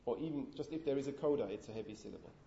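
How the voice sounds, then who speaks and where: A man's voice: mid-range voice, racing, creaky, warm tone, a little hiss or hum. A man giving a university lecture on linguistics, explaining step by step and putting questions to the class. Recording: echoey, dull lecture room recording.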